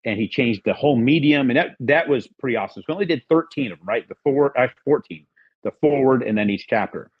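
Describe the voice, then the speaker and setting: A man's voice: medium pitch, animated, fast talker, few pauses, husky, dry recording, lo-fi sound. A middle-aged man as a podcast guest, telling a rambling story casually and acting out the lines of the people in it. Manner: rambling, acts out quoted dialogue.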